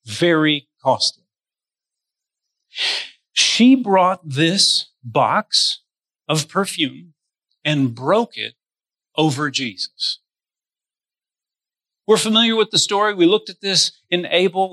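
A man's voice: a little high, sing-song, slow, long pauses, bright, forceful tone, dry recording. A man preaching a sermon as pastor. He speaks straight to his listeners and stretches his stressed words. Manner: addresses listeners directly.

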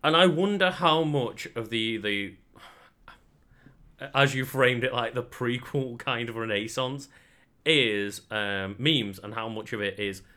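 Podcast guy with a bright tense voice, thinks out loud, stumbles a bit. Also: medium pitch, slow pace. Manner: thoughtful, hesitant, repeats words while thinking. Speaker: podcast co-host. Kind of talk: casual chat.

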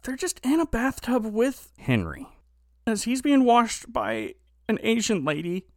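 A man hosting a podcast, telling stories in a casual comedic chat with animated, rambling energy. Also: very high-pitched, unhurried, no echo, studio quality. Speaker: podcast host.

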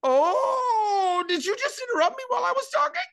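A woman voicing a frustrated man named Jerry who argues with his smart speaker, exasperated and shouting. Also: very high voice, expressive, normal speed, gravelly, voice pushed up, exaggerated voice.

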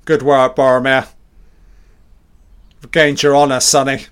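Reacting live to a film, this man gets excited and swears nonstop as reactions burst out of him. He speaks a touch slowly in a medium pitch, with a clear, resonant tone.

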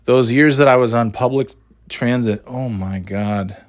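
Rambling through his casual solo podcast, a middle-aged host makes fun of himself and swears casually, still scratchy-throated from being ill. He speaks a little slowly in a mid-range voice. Studio quality, no echo.

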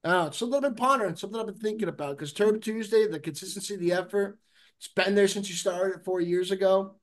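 Podcast host, guy with a slightly high voice, hyped and swearing casually. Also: fast. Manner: excitable, swears freely. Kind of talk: casual chat.

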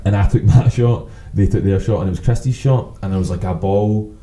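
A Scottish man with a low, very dark and mellow voice spins casual podcast anecdotes. He rambles and swears freely, acting out the back-and-forth of each exchange as he goes. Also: fairly even intonation, brisk, low-quality recording. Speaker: podcast co-host. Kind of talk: casual storytelling chat.

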